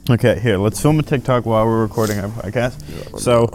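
A man's voice: lowish voice, a little fast, darkish tone. A young man co-hosting a podcast, teasing his partner in casual banter and laughing often. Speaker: podcast co-host.

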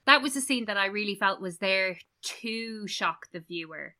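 A woman in casual conversation about a film, animated and laughing often. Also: medium pitch, moderate pace.

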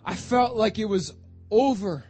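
Male pastor, high voice, slow, impassioned delivery that repeats phrases, faint music underneath. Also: expressive, breathy edge. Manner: fervent preaching, repeats phrases, rising to shouts. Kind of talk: sermon.

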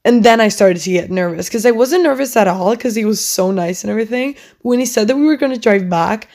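A woman's voice: mid-range voice, a little fast, a little mellow. A young woman hosting her own podcast, rambling in a casual, chatty way and often saying "like" and "oh my God". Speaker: podcast host.

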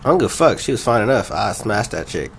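A man's voice: on the low side, sing-song, fast talker, creaky, a little hiss or hum. A man co-hosting a podcast, telling long, laid-back stories full of casual swearing. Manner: laid-back, profane, rambling anecdotes. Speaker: podcast co-host. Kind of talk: casual storytelling chat.

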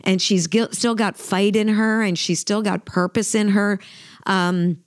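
This co-host of a faith podcast, a middle-aged woman, shares a heartfelt story in conversation, speaking earnestly with lots of fillers and false starts. Her mid-range voice keeps a steady tone at a measured pace, captured dry in studio quality.

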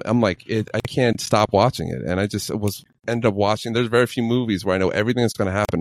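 A man's voice: on the low side, darkish tone, dry recording. A man co-hosting a podcast, chatting about a film in a playful, rambling way. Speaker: podcast co-host. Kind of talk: casual film chat. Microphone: desk microphone.

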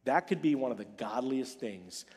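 A male pastor preaching a sermon, animated and emphatic, repeating key phrases and playing out quoted dialogue. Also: medium pitch, moderate pace, slightly rough, in a large hall.

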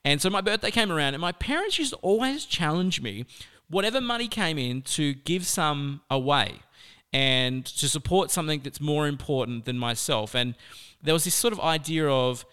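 Smooth-voiced Australian man telling a story. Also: a little high, moderate pace. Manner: chatty, animated, peppered with "like". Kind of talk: personal storytelling talk.

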